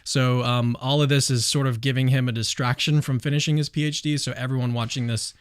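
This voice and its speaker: Man, livestream host, chatty, lots of fillers, mid pitch, dry sound. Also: level tone, clean tone, no echo. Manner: quick, chatty, hedging with fillers. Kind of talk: casual livestream discussion.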